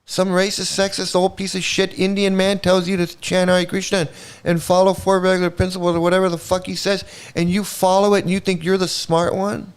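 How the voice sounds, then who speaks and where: With a high, clean voice that barely moves in pitch and a fairly quick delivery, a man hosts a livestream. His commentary is a profane rant, angry and sarcastic, with swearing throughout.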